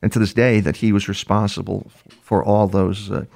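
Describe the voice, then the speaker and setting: Gravelly older man recounting cases. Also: fairly low pitch, level tone, moderate pace, darkish tone. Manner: anecdotal, with many restarts. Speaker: criminal profiler guest. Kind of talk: interview storytelling.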